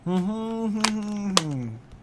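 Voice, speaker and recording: Animated, playful man streamer. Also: high-pitched, drawn-out words, very noisy. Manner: playful, gushing, sudden squeals. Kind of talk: live game stream chat.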